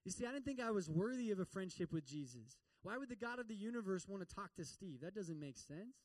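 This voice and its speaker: A high-voiced man delivers a lively sermon, acting out the characters as he tells the story. He is picked up from some distance away, and the sound stays dry with little room echo. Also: fast talker. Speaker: pastor.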